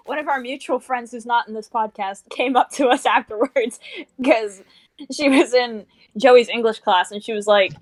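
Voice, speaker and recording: A woman's voice: on the high side, unhurried, no echo. A teenage girl co-hosting a casual podcast with friends, chiming in with wry quips. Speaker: podcast co-host. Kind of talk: casual chat.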